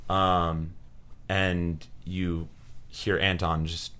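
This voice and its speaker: A man narrating as game master, relaxed and unhurried, with lots of ums. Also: deep voice, slight background noise.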